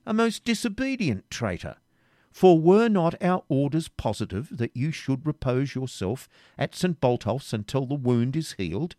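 A man's voice: mid-range voice, lively intonation, moderate pace, few pauses, dark tone, dry recording, clean studio sound, pitched above the performer's own voice, natural voice. A man reading aloud, voicing a bold, jesting medieval king with a hearty, commanding manner. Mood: teasing. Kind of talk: audiobook reading.

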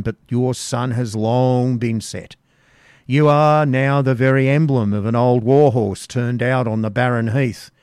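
A gruff man-at-arms taunts loudly, his voice raised and a little higher, as a reader puts him on. It has a gravelly edge and sounds dry and close. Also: no room sound, natural voice. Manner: loud, taunting.

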